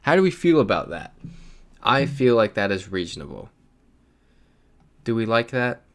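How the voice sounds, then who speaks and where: A man's voice: medium pitch, very animated, normal speed. A man hosting a casual livestream, chatting loosely and reading viewer messages aloud as he plays. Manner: chatty, reads chat messages aloud while playing. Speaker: livestream host. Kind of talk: casual live-stream chat.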